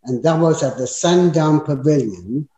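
A man's voice: on the high side, lively intonation, a little slow, warm tone. An older man, an actor, telling chatty anecdotes about his past work in an interview. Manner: chatty, anecdotal storytelling with frequent fillers. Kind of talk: reminiscing interview. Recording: echoey, dull-sounding room.

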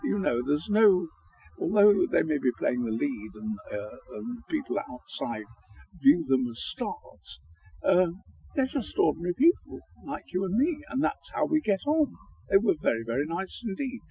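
A man's voice: a little high, sing-song, moderate pace, gravelly, breathy edge, low-quality recording. An older man, an actor answering interview questions and recalling past work, with many ums and uhs. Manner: hesitant, full of ums and uhs, gentle and chatty.

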